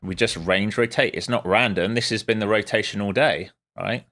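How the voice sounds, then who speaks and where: Guy on a live trading stream, lowish voice, casual and dry, grumbling asides. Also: normal speed, fairly bright tone. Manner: casual, wry, muttering asides to viewers. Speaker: day trader streaming live. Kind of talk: live market commentary.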